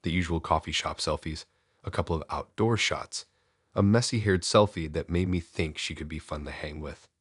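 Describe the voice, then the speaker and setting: A man with an extremely deep, husky voice reads a first-person horror story slowly and somberly. The sound is dry and close, with no room around it. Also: no echo. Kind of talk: scripted first-person narration.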